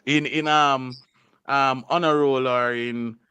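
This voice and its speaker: A man's voice: medium pitch, slow, smooth, no room sound. A man hosting a radio show in a studio, teasing and laughing as he chats with a guest. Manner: teasing, animated, laughs often. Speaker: radio host. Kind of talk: playful casual radio chat.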